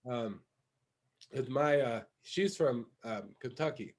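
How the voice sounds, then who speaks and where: A man's voice: medium pitch, takes it slowly. A man co-hosting a podcast, telling a story in a loose, rambling way with many fillers. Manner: rambling with fillers, laughs often. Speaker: podcast co-host, comedian. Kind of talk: casual comedic chat.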